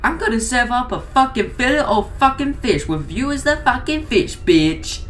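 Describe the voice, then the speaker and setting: A woman's voice: fairly high pitch, lively intonation, normal speed, faint music behind, voice pushed up, natural voice. A woman voicing a crude, brash male moon-headed burger mascot who trash-talks and screams profanities. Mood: taunting shouts.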